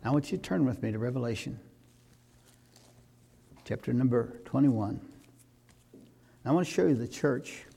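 A pastor, preaching a sermon that rises to loud, fervent exhortation. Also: male voice, medium pitch, expressive, moderate pace, vocal fry, long pauses, slightly rough.

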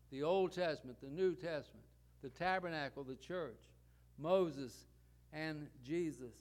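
Male preacher, sermon delivery, clear resonant tone a touch above average pitch, uses repetition and rhetorical questions. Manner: rhetorical questions and repeated parallel phrases.

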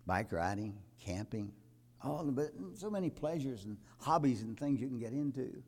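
An older man preaching a sermon to his congregation, building from calm talk to loud emphatic peaks and quoting scripture. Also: medium pitch, moderate pace. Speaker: pastor.

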